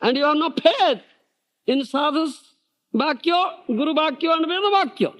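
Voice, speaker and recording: An older man from India giving a devotional lecture, animated, firing off rhetorical questions and laughing often. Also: very high-pitched, normal speed. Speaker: spiritual teacher.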